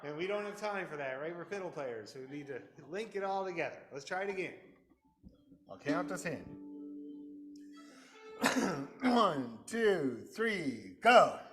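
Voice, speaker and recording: A man leading a fiddle orchestra rehearsal, counting the players in loudly, singing rhythms aloud and joking as he teaches. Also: a little high, expressive, fairly quick, music in the background. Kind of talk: rehearsal instruction. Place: rehearsal room with fiddles playing. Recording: echoey room, loud fiddles behind.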